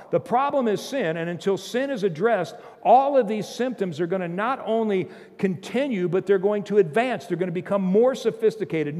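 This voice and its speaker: A man preaching a sermon as pastor, emphatic, swinging from loud bursts to low, intense passages, with humorous asides and chuckles. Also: long reverb tail. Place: church sanctuary.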